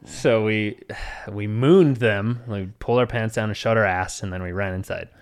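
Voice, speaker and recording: A man's voice: on the low side, moderate pace, clean tone. A man in his thirties co-hosting a podcast, telling rambling stories in casual chat and laughing often. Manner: rambling, laughs often, animated when quoting others. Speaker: podcast co-host.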